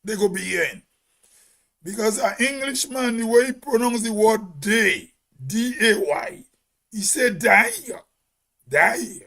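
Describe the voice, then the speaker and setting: Man, Grenadian accent, very high voice, big and loud, argumentative monologue. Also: animated, a little slow, gravelly. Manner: emphatic, argumentative, asks rhetorical questions. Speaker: host. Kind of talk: opinion monologue.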